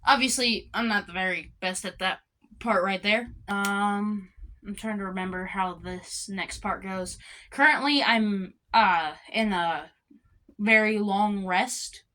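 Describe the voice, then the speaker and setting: A woman talking casually about her clarinet practice, halting and full of fillers. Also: mid-range voice, pushed and bright, a little hiss or hum. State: has the hiccups. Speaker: student clarinet player. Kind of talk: casual practice vlog talk.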